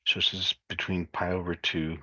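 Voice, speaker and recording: A man working through math homework solutions step by step, thinking aloud in a halting, muttered way. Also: sits low, flat delivery, sharp tone, no echo, lo-fi sound. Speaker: math instructor.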